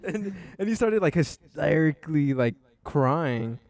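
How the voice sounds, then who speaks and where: A man's voice: a little high, animated, unhurried, creaky, darkish tone, no echo. A young man hosting a casual podcast, telling a story in a rambling way full of fillers. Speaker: podcast host.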